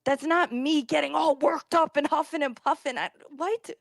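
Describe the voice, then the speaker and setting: A woman's voice: high-pitched, normal speed, gravelly, dry recording, clean studio sound. A woman arguing defensively in a casual, heated way, insisting on her point and swearing.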